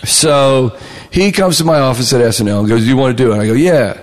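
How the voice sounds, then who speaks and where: A man's voice: mid-range voice, fast, big-room sound. A man, a comedy writer, telling stories in a casual interview and acting out the lines of other people. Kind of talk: casual storytelling.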